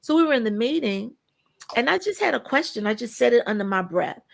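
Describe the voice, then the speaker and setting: Slightly high and creaky, the woman's voice moves a little fast. As a guest on a podcast, she chats casually but emphatically, performing the dialogue of people in her stories and doubling up words for stress.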